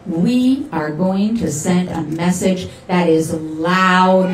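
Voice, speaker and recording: A woman with a lowish voice speaks slowly, giving an impassioned political rally speech and leading the crowd in chants. She's recorded from a distance in a large, echoey rally hall, with a cheering crowd and faint music behind her.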